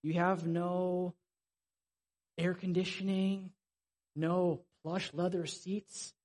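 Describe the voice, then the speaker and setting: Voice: mid-range voice, little pitch movement, slow, darkish tone. A preacher giving a sermon in a conversational, vivid storytelling way.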